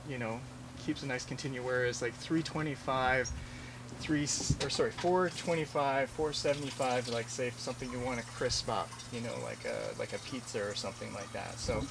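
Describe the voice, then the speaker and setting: A man's voice: medium pitch, noisy background. A man chef teaching a live cooking class in a chatty, rambling way, with many fillers and restarts. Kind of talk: casual live cooking demonstration. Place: farm kitchen class with audience.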